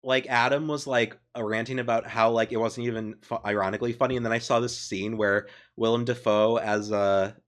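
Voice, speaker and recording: Man podcast co-host, mid-pitched voice, jokey and sardonic. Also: fairly even intonation. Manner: joking, puts on quick silly voices. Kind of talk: casual chat.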